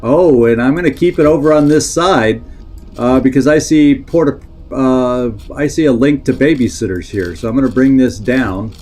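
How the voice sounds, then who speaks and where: A man with a medium-pitched, somewhat dark voice streams a strategy game live, thinking out loud as he plays. He reads the in-game text and responds to his chat along the way.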